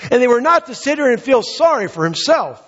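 A male pastor preaches with a high, animated voice that rises and falls. His tone is husky and a little breathy. The recording is dull and lo-fi, with a long reverb trailing off a large hall. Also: a little fast. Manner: earnest preaching, reads scripture aloud and explains. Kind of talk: sermon.

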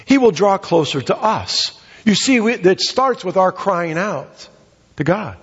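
A middle-aged male pastor preaching a sermon, swinging between high, emphatic calls and low, quiet asides. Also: lively intonation, unhurried, breathy edge. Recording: dull sound with long hall reverb.

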